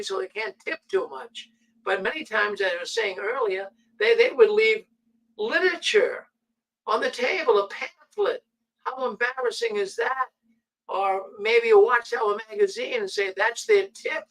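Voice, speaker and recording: A man hosting a casual talk show, telling stories in an animated way. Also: sits high, recorded from a distance, rough recording. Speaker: host.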